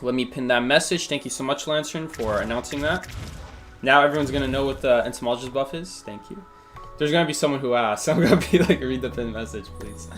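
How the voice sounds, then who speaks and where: A man's voice: mid-range voice, fast, soft background music. A man thinking aloud through a live gameplay stream, answering chat questions with plenty of fillers and restarts. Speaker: game streamer.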